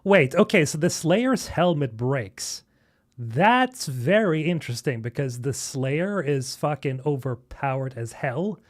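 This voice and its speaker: A young man from Sweden reacting to game trailers on a live stream, excitable and swearing, talking to chat. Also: fairly high pitch, unhurried. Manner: excitable, swearing, chatting with viewers. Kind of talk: casual live-stream commentary.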